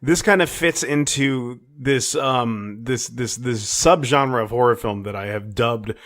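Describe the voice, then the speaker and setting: A man's voice: medium pitch, unhurried, a bit bright. A man co-hosting a podcast, chatting in an easygoing, agreeable way and explaining things at length. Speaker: podcast co-host. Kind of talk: casual chat.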